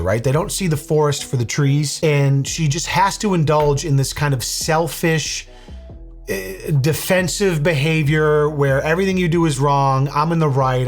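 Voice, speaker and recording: A man's voice: on the high side, moderate pace, faint music behind. A man giving blunt, sarcastic reaction commentary over a video, swearing freely. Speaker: commentary YouTuber.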